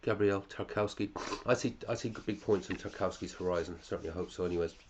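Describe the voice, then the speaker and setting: A man's voice: low-pitched, quick pace, slight background noise. A male fantasy football podcast host in casual chat, running through listeners' teams, chatty, with muttered asides and casual swearing.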